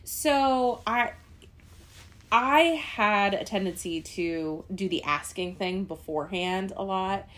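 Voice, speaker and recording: A woman co-hosting a casual podcast, animated and reflective, with rambling asides. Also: mid-range voice, slow. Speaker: podcast co-host. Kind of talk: casual chat about a cartoon.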